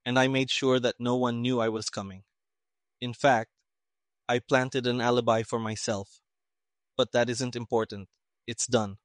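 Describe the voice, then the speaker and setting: A man's voice: medium pitch, no echo, studio quality, lightly acted. A man reading a toneless, clever investigator. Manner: flat, even, unhurried delivery. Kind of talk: audiobook character reading.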